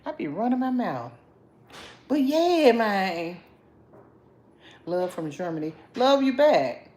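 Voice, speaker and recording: Animated chatty woman livestreaming. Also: medium pitch, slow pace. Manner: chatty, animated, greets viewers by name. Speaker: livestream host. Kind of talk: casual livestream chat with viewers.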